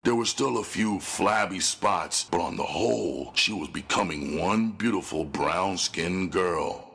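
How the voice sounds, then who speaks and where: A man with a very deep, gravelly voice narrates a gritty first-person audiobook. His husky tone and unhurried pace give the reading a cold, menacing weight. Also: lively intonation, fairly bright tone.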